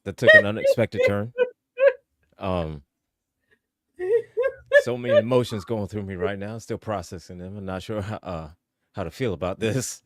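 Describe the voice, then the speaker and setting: Low-voiced guy co-host, slow and drawn out, dry close sound. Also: wildly swooping pitch, a bit bright, no room sound. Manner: slow, drawn-out, wry reactions. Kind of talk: casual news reaction chat.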